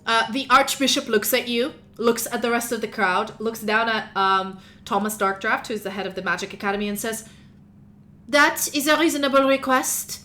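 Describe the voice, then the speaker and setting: A woman's voice: mid-range voice, steady tone, brisk, hardly any pauses, bright, forceful tone. A woman narrating and running a tabletop role-playing game in a casual, rambling way, with many fillers. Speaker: game master.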